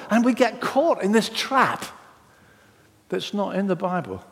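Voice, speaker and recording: Animated preacher in a ringing hall. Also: male voice, sits high, measured pace. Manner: animated, dramatic storytelling. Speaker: pastor. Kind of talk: sermon. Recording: reverberant hall.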